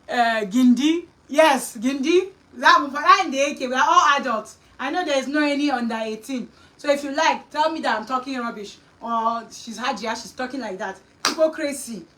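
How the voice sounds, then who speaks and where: A woman host with a Nigerian accent telling a story in a lively, scolding chat, slipping into Pidgin and Yoruba. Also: a little high, far from the mic, low-quality recording. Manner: animated, mixing Pidgin and Yoruba, scolding asides.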